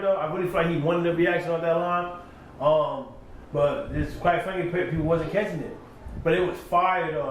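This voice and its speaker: A man giving a laid-back commentary recap, repeating his praise, at home by his computer. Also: on the high side. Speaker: battle rap reviewer. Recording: roomy echo, distant mic, faint background hum.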